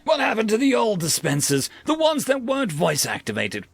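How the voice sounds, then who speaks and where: A man voicing a furious, exhausted male crewman who shouts and swears. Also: high-pitched, huge pitch swings, moderate pace, creaky, no echo, voice pushed up, full character voice.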